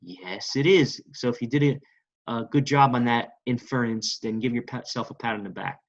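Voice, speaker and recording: A male language teacher at an ordinary middle pitch who coaxes his listeners along, repeating words and asking them to say them with him. He keeps checking in with short prompts between examples. The recording sounds dull and lo-fi. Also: moderate pace. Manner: coaxing, repetitive, asks the class to repeat. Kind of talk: classroom-style lesson.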